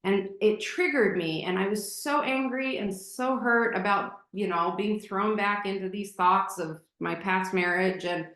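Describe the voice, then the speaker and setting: A woman's voice: medium pitch, a little slow, hardly any pauses, fairly bright tone. A woman guest telling a personal story candidly and emotionally, with many fillers and restarts. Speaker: podcast guest. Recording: roomy echo.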